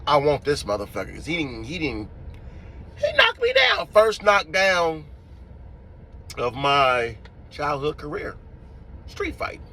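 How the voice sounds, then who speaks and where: A man telling a street-fight story in a casual, profane, animated way, acting out the scenes as he goes. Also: a little high, a little slow, pauses often.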